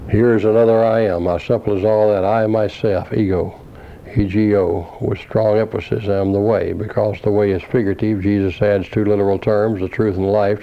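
A man preaching a scholarly sermon, reading and quoting from commentaries in a measured way with brief asides. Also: on the low side, highs cut off.

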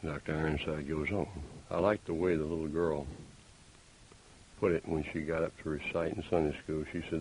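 A man preaching a sermon, deliberate and emphatic, with pointed rhetorical questions. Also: very deep voice, little pitch movement, a little mellow, low-quality recording. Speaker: pastor. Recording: faint hiss.

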